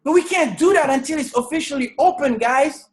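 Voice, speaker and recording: High-pitched woman from senegal, fired-up pep talk over a video call, gets loud a lot. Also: fairly quick, low-quality recording. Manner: energetic, emphatic storytelling, often raising the voice. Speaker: network marketing leader. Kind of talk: motivational testimony on a video call.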